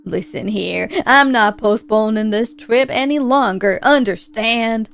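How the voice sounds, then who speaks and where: A woman putting on a blustering gruff old man. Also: on the high side, unhurried, a bit bright, a little hiss or hum. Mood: angry. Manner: blustering folksy drawl, swears a lot. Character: gruff older male homeowner, secretive and hostile.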